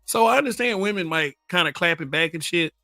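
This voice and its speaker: On a clean studio recording with no echo, a middle-aged Southern man streams live in a slightly high, bright, forceful voice. His delivery is brisk with lively intonation, full of blunt, profane casual remarks, frequent laughter, and replies to his chat.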